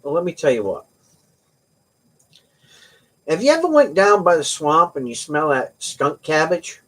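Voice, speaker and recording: Animated husky-voiced joking man. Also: a little high, unhurried. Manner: joking, rambling storyteller. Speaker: livestream host. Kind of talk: casual chat with viewers.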